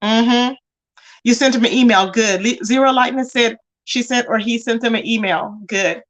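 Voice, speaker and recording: A woman's voice: fairly high pitch, moderate pace. A woman casually chatting on a livestream, reading out viewer comments and calling her audience y'all and baby.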